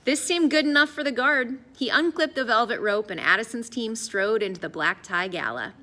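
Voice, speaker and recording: A woman narrating an audiobook in an expressive, lively storytelling voice. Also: fairly high pitch, normal speed. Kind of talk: scripted narration.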